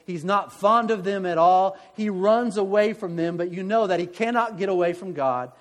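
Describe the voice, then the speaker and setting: A man with a high voice gives a conversational sermon, stumbling through restarts and making fun of himself. His words ring out with a long reverb, as in a church hall. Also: moderate pace, hardly any pauses. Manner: conversational, self-deprecating, many restarts. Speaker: pastor.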